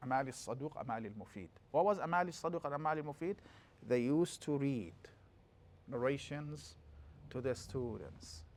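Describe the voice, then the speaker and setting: Fast-talking man teaching a class. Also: mid-range voice. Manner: lively, quickly chants scripture passages between explanations. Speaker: religious teacher. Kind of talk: classroom lecture.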